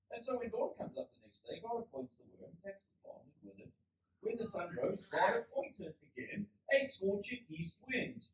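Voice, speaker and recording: A man with a South African accent preaching a sermon as pastor, telling a Bible story with lively asides and acting out the characters. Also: very high-pitched, a little hiss or hum. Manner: animated storytelling, acts out biblical characters. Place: church hall. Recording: roomy, distant, slightly dull church recording.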